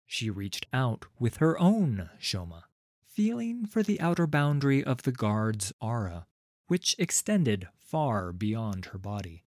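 A man reading a fantasy story aloud as narrator, in a lively, unhurried way. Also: medium pitch, no room sound, studio quality.

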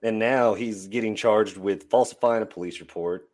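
A man's voice: fairly low pitch, moderate pace, a little mellow. A man co-hosting a casual podcast chat, joking along in an easygoing way. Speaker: podcast co-host.

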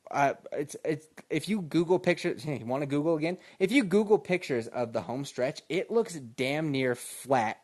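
A man's voice: fairly high pitch, lively intonation, normal speed, hardly any pauses, darkish tone. A podcast host, a man, telling a casual, laid-back story, laughing often and calling listeners "man".

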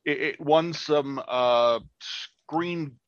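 A man co-hosting a podcast in casual chat, halting and crude in a blunt way. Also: a little high, a bit bright, dull audio, slight background noise. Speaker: podcast co-host.

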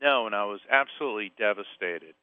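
A man from Central Florida tells a personal story as a guest, sounding tinny and narrow, as if over a phone line. His delivery is animated, with quick shifts as he acts out the voices of people in the story. The sound is close and dry. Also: lowish voice, clean tone, dry recording. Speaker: guest author and medium. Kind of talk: storytelling interview.

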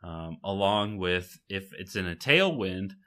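A man's voice: low-pitched, lively intonation, unhurried, pushed and bright. Rambling young man on a podcast. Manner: rambling, self-correcting, laughs at himself. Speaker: podcast co-host. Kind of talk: casual chat.

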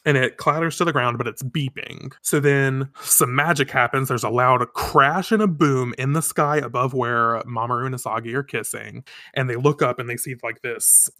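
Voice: medium pitch, moderate pace, few pauses, sharp tone, no room sound, studio quality. A podcast co-host giving a chatty, giggly, swear-filled recap of a comic.

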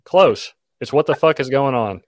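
A man hosting a casual podcast, reading out the show's plugs in a relaxed way with plenty of filler words. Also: medium pitch, normal speed, no room sound. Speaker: podcast host. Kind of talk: casual chat.

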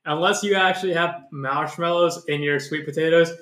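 Blunt mock-arguing man, slightly high voice. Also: steady tone, normal speed, a bit bright, echoey room. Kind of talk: casual chat. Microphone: video call.

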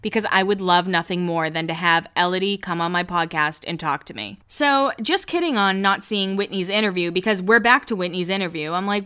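A woman's voice: medium pitch, fairly quick, hardly any pauses, sharp tone, clean tone. A woman hosting a casual recap podcast, talking in a chatty, gossipy, playful way. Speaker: podcast host.

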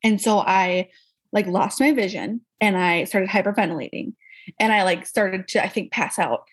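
Speaking with a husky, medium-pitched voice at a moderate pace, a young woman guest shares her experiences openly in a laid-back interview. She's animated and performs what other people said in their own voices as she tells it.

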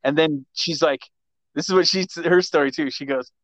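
A man in casual chat, animated and profane, cutting in to tell the story his way. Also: on the high side, moderate pace, no echo. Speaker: podcast regular.

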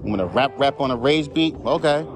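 A man's voice: medium pitch, expressive, a little fast, music in the background. A man who raps, ranting in a casual, profane, heated way on his podcast. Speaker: podcast host, rapper. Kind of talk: casual rant.

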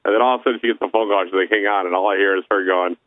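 A man co-hosting a podcast, telling lively anecdotes and laughing along. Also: fairly low pitch, rapid-fire, narrow, tinny audio, very noisy. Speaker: podcast co-host. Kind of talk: casual podcast banter.

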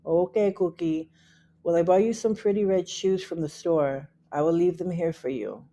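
A woman puts on a loving old grandmother speaking softly and sadly, her voice lifted a little higher. The tone is mellow and warm. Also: normal speed, natural voice. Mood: sad, gentle. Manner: soft, sad, gentle. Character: loving elderly grandmother at a door.

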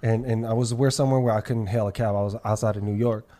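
A man's voice: fairly low pitch, fast talker. A man in casual podcast chat, telling a long story with lots of swearing and acted-out quotes. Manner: animated, profane, repeats himself in quoted dialogue.

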